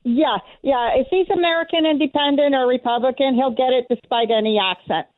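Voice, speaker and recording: A woman's voice: high-pitched, a little fast, dry recording. A woman calling a radio show, plainspoken and firm. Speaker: caller. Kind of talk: call-in opinion. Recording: phone line.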